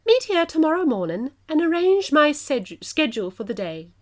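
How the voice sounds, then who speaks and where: A woman's voice: sits high, sing-song, pitched above the performer's own voice. A woman reading a haughty queen's lines in a plummy posh English accent, grand and imperious. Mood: regal. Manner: plummy, stately, drawn-out delivery.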